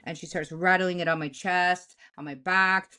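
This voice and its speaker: A woman's voice: fairly low pitch, moderate pace, smooth. A young adult woman co-hosting a podcast, telling a personal story bluntly, with lots of swearing and vivid retelling. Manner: blunt, profane, animated retelling. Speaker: podcast co-host. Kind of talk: candid storytelling chat.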